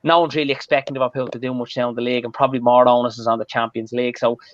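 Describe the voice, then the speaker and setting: A man's voice: mid-range voice, level tone, racing, no echo. A man with an Irish accent chatting casually as a football pundit, rambling and loose with many fillers. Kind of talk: casual chat. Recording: dull, dry lo-fi audio.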